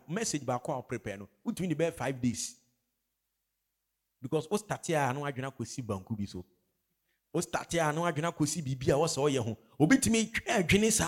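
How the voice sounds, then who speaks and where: A man preaches a sermon in a high, animated voice that leaps up and down in pitch. He drives his points with call-and-response questions and slips in phrases from his local language. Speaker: pastor.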